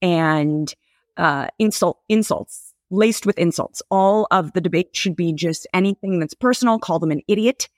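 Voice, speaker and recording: A woman's voice: on the low side, moderate pace, no room sound. A woman guest on a comedy podcast, giving mock-serious bad advice in a dry, sarcastic manner. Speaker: guest, public defender. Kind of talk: deadpan comedic podcast banter.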